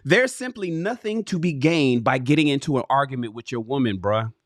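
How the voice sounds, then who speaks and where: Animated, cussing livestream man. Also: medium pitch, brisk, no echo, clean studio sound. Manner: profane, animated, talks straight to viewers and chat. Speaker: livestream host reading a book aloud. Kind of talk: casual livestream reading with commentary.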